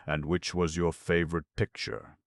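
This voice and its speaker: Male narrator doing a bold, prying young woman, coy and teasing, very deep and gravelly. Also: flat delivery, normal speed, dry recording, clean studio sound. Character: spirited, nosy young woman adventurer.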